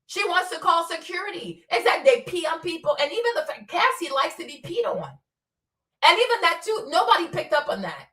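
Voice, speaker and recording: High-pitched blunt woman, echoey room. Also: fairly quick, distant mic. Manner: blunt, profane, animated, laughs often. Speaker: commentary host. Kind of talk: casual commentary stream.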